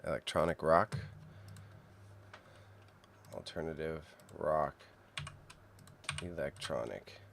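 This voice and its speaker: A very low-voiced man, muttering half to himself on a casual co-working stream. He sounds a bit phlegmy. Keyboard typing is heard behind him. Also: slow, vocal fry, long pauses, a little hiss or hum. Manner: relaxed, self-mumbling, thinks aloud while typing. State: throat clearing, a bit phlegmy. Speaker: streamer and reseller.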